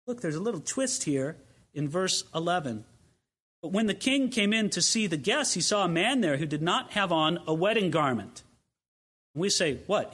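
A male pastor delivers a sermon in a high, bright register. His pitch swings widely as he reads scripture and then acts out the guests and the king in the parable, the delivery vivid and theatrical. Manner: animated, acts out voices of listeners and the king.

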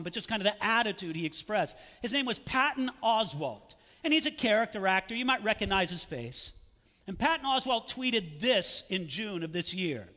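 A man preaches a sermon with animated, sarcastic jabs and mocking asides. His voice sits high and sounds bright and forceful. The sound carries the long reverb of a large hall. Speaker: pastor.

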